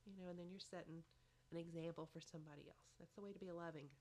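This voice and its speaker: A woman's voice: lowish voice, fairly even intonation, fast talker, mellow, slight background noise. A woman giving motherly advice in a chatty podcast conversation, often saying "you know". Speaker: podcast guest. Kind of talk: casual advice chat.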